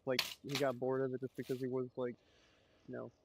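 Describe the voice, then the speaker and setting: Young man, mid-pitched voice, giggly, animated, loud game noise behind. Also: creaky. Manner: giggly, animated, quick to laugh. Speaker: gamer co-host. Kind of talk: casual gaming chat. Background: gunfire and game noise.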